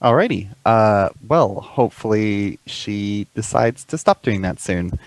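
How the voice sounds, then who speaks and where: Polite, hesitant tabletop player. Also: male voice, fairly low pitch, expressive, measured pace, no echo, low-quality recording. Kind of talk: tabletop role-play chat.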